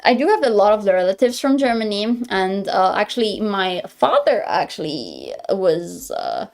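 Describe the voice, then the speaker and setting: A woman's voice: mid-range voice, sing-song, moderate pace, gravelly. Rambling young woman streamer. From Greece. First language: Greek. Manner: rambling, self-correcting, stammers and laughs often. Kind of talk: casual live-stream chat.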